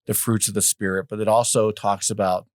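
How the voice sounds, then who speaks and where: A man hosting a podcast, talking in a measured, teaching way and citing scripture. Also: on the low side, level tone, no echo, studio quality. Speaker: podcast host. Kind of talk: podcast conversation with scripture references.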